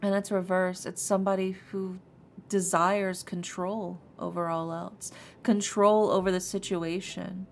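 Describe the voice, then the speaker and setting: A woman streamer reading tarot cards for her chat in a put-on sultry voice, low, slow and half-whispered. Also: level tone, a little hiss or hum. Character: sultry, seductive female tarot reader. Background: soft lo-fi music.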